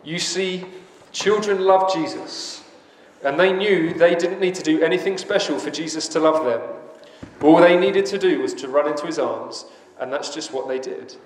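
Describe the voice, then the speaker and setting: A man narrating a story to children in a gentle, questioning way. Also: a little high, normal speed. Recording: echoey hall with faint noise.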